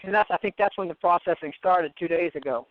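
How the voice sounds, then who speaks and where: Guy on a call-in show talking quick, kinda high voice, rambles, dry muffled line. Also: no echo. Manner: rambling, repeats words as he talks. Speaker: caller. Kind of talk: telling a personal story on a call-in show. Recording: dull muffled phone audio.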